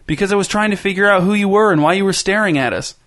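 A man's voice: high-pitched, quick pace, fairly bright tone, voice pushed up. A man voicing a smug, knowing teenage girl in a storybook reading, teasing in a sing-song way. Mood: accusing.

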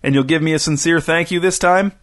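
A man voicing a calm, smug man who schemes to overcharge. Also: on the high side, a little fast, pitched above the performer's own voice, natural voice.

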